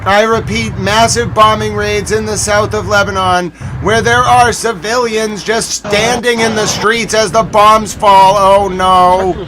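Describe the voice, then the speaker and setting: A man's voice: sits high, fairly even intonation, a little slow, few pauses, noisy background. A man hosting a live news recap stream, urgently repeating breaking updates and exclaiming in alarm.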